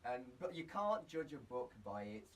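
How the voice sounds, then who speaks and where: A man's voice: mid-range voice, big pitch swings, moderate pace. A man co-hosting a radio show about comics, chatting casually and often stammering and repeating words. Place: radio studio. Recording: mic a little far off, faint noise.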